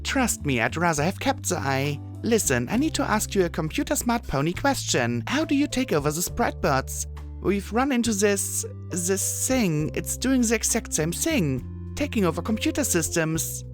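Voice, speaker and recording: A man voicing a scrappy young mare pony, a blunt wasteland survivor who is quick to shout and grin, in an audiobook. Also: sits high, big pitch swings, soft background music, voice pushed up. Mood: eager. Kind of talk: audiobook character voice.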